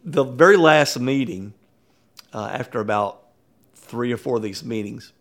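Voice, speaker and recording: Brief: animated male consultant telling a workplace story, gravelly, chuckling, average pitch. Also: unhurried. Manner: animated, conversational, chuckles often. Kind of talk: storytelling talk.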